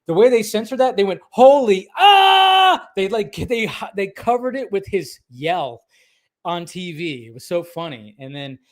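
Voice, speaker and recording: A man in his thirties co-hosting a podcast, talking in a rambling, animated way with lots of fillers and restarts. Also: sits high, normal speed. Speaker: podcast co-host. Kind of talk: casual chat.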